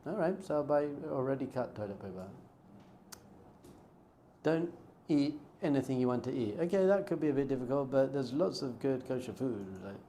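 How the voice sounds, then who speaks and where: During an informal class, a rabbi tells stories conversationally and acts out bits of dialogue. His medium-pitched voice is expressive and mellow at a normal pace, with a little hiss or hum audible.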